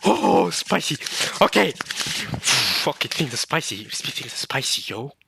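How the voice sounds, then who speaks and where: A young man hosting a manga reaction video, excitable and slangy, laughing often. He talks into a close mic. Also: mid-range voice, measured pace, gravelly, background noise. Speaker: reaction channel host.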